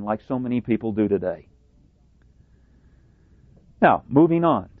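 A male preacher delivers a sermon in a deliberate, emphatic way, leaning into a word now and then with a sarcastic edge. The recording is thin and phone-like, with a dry, close sound. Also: medium pitch, animated, dry recording.

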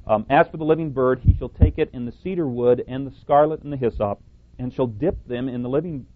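A man teaching on scripture, emphatic and at times sarcastic as he quotes and rebuts other ministers. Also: medium pitch. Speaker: preacher. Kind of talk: radio Bible teaching. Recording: tinny phone-like audio.

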